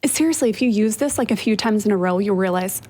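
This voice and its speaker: A woman co-hosting a podcast in casual chat, giving news items and tips in a brisk, matter-of-fact way. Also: mid-range voice, mellow. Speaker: podcast co-host.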